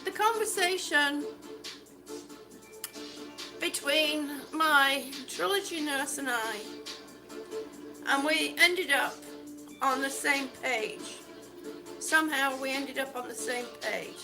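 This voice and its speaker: High-voiced chatty woman walking and talking. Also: slow, long pauses. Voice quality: rambling, chatty, self-described waffler. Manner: laughs often, talks while walking. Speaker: livestream vlogger. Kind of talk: casual livestream chat while walking. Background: background music.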